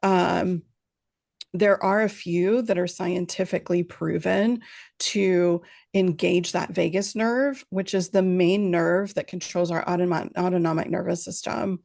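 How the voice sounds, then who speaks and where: A woman with a lowish voice and a gravelly edge, speaking as a parenting expert in an interview. She explains things calmly and steadily, often tagging her points with a quick "right?", and she sounds like she is on a video call. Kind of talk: interview answers at a virtual summit.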